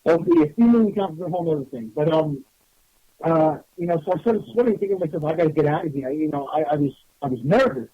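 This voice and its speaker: Animated storytelling man, husky. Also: a little high, quick pace, dry recording. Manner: animated, rambling, many restarts. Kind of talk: casual storytelling. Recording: dull lo-fi radio audio.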